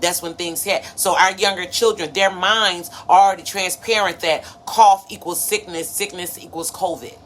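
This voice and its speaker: A woman's voice: fairly low pitch, fairly even intonation, moderate pace, hardly any pauses. A woman in her thirties hosting a motivational live stream, preachy and conversational, greeting viewers by name. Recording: faint background noise.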